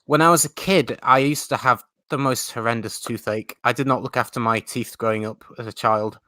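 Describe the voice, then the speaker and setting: A man's voice: mid-range voice, fairly even intonation, fairly quick, bright, forceful tone, no echo, clean studio sound. Chatty man hosting a live stream. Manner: chatty, laughing, self-mocking. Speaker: host.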